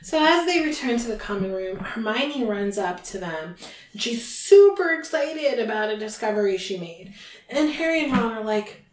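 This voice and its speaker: A woman hosting a podcast, casually retelling a book chapter in chatty, animated fashion. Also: on the high side, moderate pace. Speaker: podcast host. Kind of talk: casual book recap chat. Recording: roomy, distant from mic.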